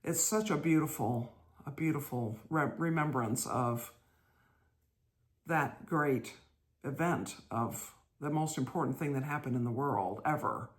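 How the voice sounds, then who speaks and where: An older woman hosting her own show, telling a church memory in a gentle, chatty way and laughing as she goes. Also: very deep voice, a little slow. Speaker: host. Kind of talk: casual storytelling monologue.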